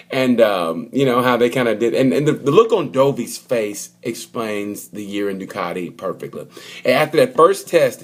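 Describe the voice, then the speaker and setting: A man giving a casual, joking race review, rambling and acting out little quotes as he goes. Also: medium pitch. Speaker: motorsport vlogger.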